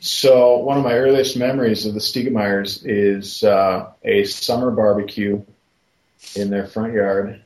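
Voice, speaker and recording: A man's voice: lowish voice, steady tone, measured pace, darkish tone. A man telling family stories in a folksy way, laughing as he recalls them. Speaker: podcast co-host. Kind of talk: casual storytelling. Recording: roomy echo.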